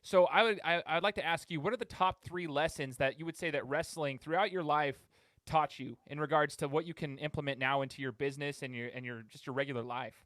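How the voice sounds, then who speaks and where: Man, podcast host, casual chat, somewhat high voice, dry close sound. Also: fairly quick, no echo. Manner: relaxed, conversational, chatty with fillers.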